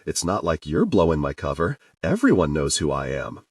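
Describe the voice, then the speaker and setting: A man's voice: a bass voice, huge pitch swings, normal speed, no echo, studio quality, pitched below the performer's own voice, exaggerated voice. A man voicing a self-pitying, washed-up middle-aged male rock star in an audiobook, drawling and mopey. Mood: laid-back. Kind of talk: audiobook character voice.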